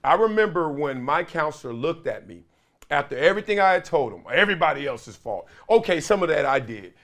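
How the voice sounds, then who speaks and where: Earnest man, fairly high voice. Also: very animated, a little fast. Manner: emphatic, earnest, swings loud to quiet. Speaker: show host and commentator. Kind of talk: casual solo commentary to camera.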